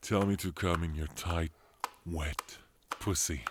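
A man voicing a dominant, possessive male lover in an intimate audio role-play, murmuring low and giving commands. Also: steady tone, slow. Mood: commanding. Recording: noisy home recording.

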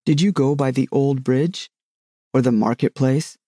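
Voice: mid-range voice, unhurried, mellow, dry recording, clean studio sound, lightly acted. A narrator doing a nervous, fussy old king. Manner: nervous, quavering.

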